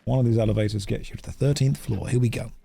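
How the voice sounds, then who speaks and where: A man's voice: medium pitch, fast talker, gravelly, a little hiss or hum. A man streaming a video game, ranting and chatting animatedly as he plays. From England. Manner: animated, ranting, acts out both sides of chats. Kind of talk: casual gameplay commentary.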